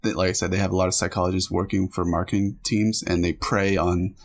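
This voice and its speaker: A man co-hosting a podcast in casual chat, telling stories in an animated way. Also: deep voice. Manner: animated, quick storytelling. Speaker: podcast co-host.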